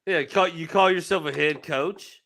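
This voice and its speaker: A man from with a fairly high voice co-hosts in a loose, joking way. He teases his guest with profane banter and ribbing asides. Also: moderate pace, vocal fry, bright, forceful tone. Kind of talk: casual podcast chat.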